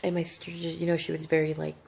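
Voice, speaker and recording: A woman's voice: low-pitched, completely flat delivery, very fast, vocal fry, darkish tone, a little hiss or hum. A young woman vlogging a personal story, emotional and rambling, swearing freely. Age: young adult. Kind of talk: casual storytime monologue.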